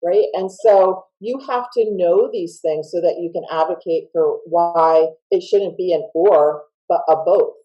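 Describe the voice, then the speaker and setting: A woman's voice: fairly low pitch, measured pace, few pauses, lo-fi sound. A woman with a Southern US accent, a school counselor guest in a casual video-call interview, upbeat and emphatic, laughing often.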